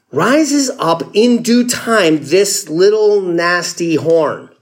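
A man preaching a sermon in a conversational storytelling way, acting out the people in the story. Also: a little high. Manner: conversational storytelling, acts out quotes with laughs. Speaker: pastor.

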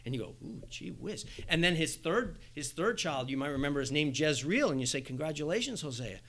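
A man preaching a sermon, animated, acting out little dialogues with asides. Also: fairly high pitch, fairly quick. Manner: animated, acts out quoted exchanges with asides and laughs. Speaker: pastor.

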